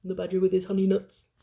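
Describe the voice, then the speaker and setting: A young woman host reading a children's storybook aloud with gentle, chatty asides to the kids. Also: medium pitch, creaky.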